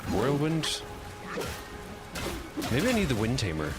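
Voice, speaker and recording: Excitable man streaming a game. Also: medium pitch, slow pace, over loud music. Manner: excitable, chatty, swears, reacts loudly and reads chat aloud. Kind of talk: casual live gameplay commentary.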